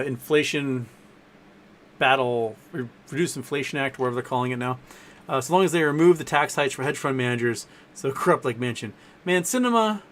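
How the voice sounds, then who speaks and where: A man's voice: mid-range voice, slight background noise. Rambling man hosting a casual livestream. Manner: rambling, with filler sounds and self-corrections; softens his voice to talk to his dogs. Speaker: livestream host answering viewer questions. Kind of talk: casual live-stream chat.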